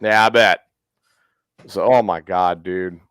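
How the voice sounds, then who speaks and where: A man's voice: sits low, steady tone, slow, fairly bright tone, smooth, no room sound. A man hosting a casual podcast, telling a long profane story and acting out the quotes. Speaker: podcast host.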